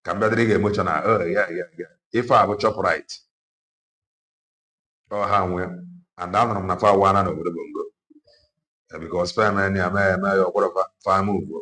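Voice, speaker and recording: A Nigerian man with an Igbo accent giving preaching-style social commentary, animated and full of rhetorical questions. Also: deep voice, quick pace, pauses often.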